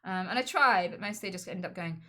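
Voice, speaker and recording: A woman streamer in casual chat on a call, frank and chatty, with sudden loud blurts. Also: lowish voice, fast talker.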